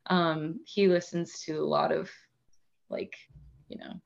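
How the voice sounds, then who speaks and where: A woman in casual chat, talking in a relaxed, rambling way with lots of fillers and frequent laughs. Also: sits low, slow, creaky, dull audio. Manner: chatty, many "like" fillers, laughs often.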